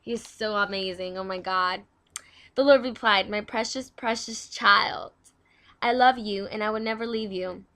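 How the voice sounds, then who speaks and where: Young woman host, bright tone, casual devotional read, chatty, trips over words. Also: mid-range voice, fairly even intonation, moderate pace. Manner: chatty, stumbling over words while reading aloud.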